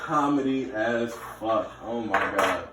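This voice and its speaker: A man's voice: fairly low pitch, slow pace, noisy background. Blunt man ranting in echoey room. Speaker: podcast co-host. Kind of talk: casual chat. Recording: echoey room, distant mic.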